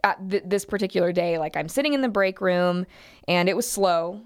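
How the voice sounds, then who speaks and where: A woman's voice: on the low side, fairly quick, clean tone. A young woman co-hosting a podcast, telling a workplace story in casual chat with lots of fillers and acted quotes. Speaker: podcast co-host.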